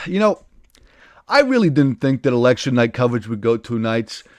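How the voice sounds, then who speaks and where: A man hosting a livestream, delivering a satirical in-character political rant. He rambles, keeps cutting himself off, and flares into loud indignation. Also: medium pitch, big pitch swings, normal speed. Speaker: livestream host.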